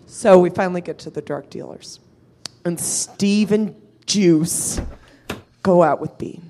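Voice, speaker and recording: A woman's voice: on the low side, slow, mellow, slight background noise. A woman telling a rowdy, profane story at a live show, acting out her friends' voices as she goes. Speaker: storyteller guest.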